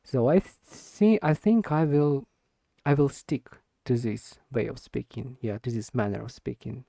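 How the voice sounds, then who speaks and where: Hesitant, gravelly-voiced man practicing English. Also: mid-range voice, dark tone, no echo, clean studio sound. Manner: hesitant, repeats and restarts words while searching for them; deliberately slow with stressed words. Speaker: English learner recording speaking practice. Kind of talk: unscripted speaking practice monologue.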